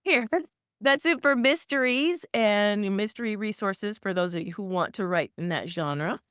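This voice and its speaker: A woman's voice: medium pitch, moderate pace, a bit bright, clear, resonant tone, no room sound, clean studio sound. A woman co-hosting a podcast, chatting casually in a rambling, teasing way with lots of restarts. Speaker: podcast co-host. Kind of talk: casual chat.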